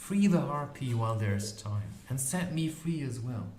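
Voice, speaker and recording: A man voicing a gentle, proud female unicorn with an earnest, lifted voice in a storybook reading. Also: mid-range voice, animated, moderate pace, a little hiss or hum, voice pushed up, lightly acted. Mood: solemn. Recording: echoey room recording.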